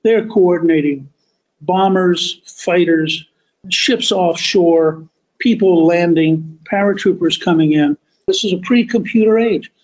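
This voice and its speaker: A man hosting a podcast, telling a history story as a deliberate, emphatic monologue that stretches key words. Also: high voice, a little mellow, lo-fi sound. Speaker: podcast host.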